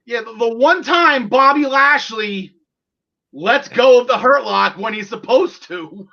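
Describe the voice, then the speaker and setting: A man in his forties hosting a casual wrestling podcast, excitable and jokey, with lots of fillers. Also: very high voice, measured pace. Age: 40s. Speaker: podcast host. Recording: lo-fi audio.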